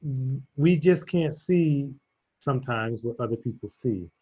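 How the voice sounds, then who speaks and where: A man's voice: mid-range voice, expressive, unhurried, mellow, husky. A man hosting a casual conversation, speaking reflectively and telling a personal story with laughs. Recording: dull lo-fi audio.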